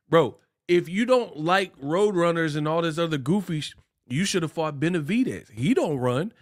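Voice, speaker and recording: This man from California's Bay Area rants about boxing as a casual commentator, full of slang and mockery, lively, and impersonating people when quoting them. He talks at a normal speed in a slightly high voice.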